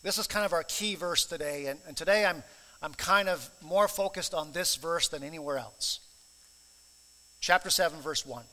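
A man's voice: a little high, normal speed, sharp tone, in a large hall. A man preaching a sermon in an earnest, emphatic way, stressing and repeating key phrases. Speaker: pastor.

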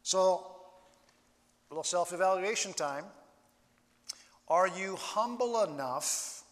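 A man preaching a sermon as a pastor, slow and deliberate with dramatic pauses. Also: a little high, fairly bright tone, big-room sound.

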